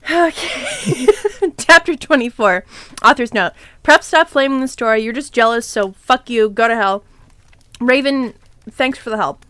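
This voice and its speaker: A woman streamer reading a fanfic aloud in a deadpan way, with laughing asides. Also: on the high side, unhurried, no echo.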